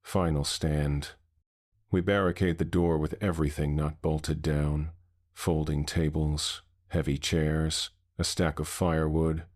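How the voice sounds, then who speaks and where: A man narrating a scripted horror story in a measured, somber way. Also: very deep voice, no room sound, clean studio sound.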